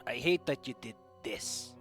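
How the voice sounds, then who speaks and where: A man reading the lines of a remorseful young man in a fanfic, with a flat, slightly wry delivery. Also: medium pitch, unhurried, soft background music, voice pushed down, close to an everyday voice. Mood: regretful.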